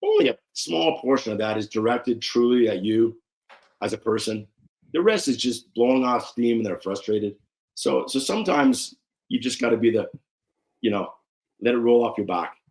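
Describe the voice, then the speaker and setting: A man, a former referee, talking casually as a guest in an interview and telling animated stories. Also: moderate pace. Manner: animated storyteller, acts out quotes with raised pitch.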